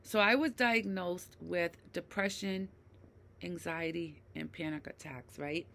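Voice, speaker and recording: A woman in her fifties speaking to her viewers about mental health, emphatic, checking in with "right?" again and again, dropping low and quiet, then rising loud and heated. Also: unhurried, creaky. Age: 50s. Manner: emphatic, repeats "right?" often. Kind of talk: personal talk to camera.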